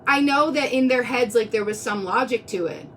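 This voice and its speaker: A woman's voice: fairly high pitch, normal speed, distant mic, a little hiss or hum. A woman talking earnestly on a live stream, close to tears, rambling and restarting her sentences. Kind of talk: emotional live-stream monologue. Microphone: phone.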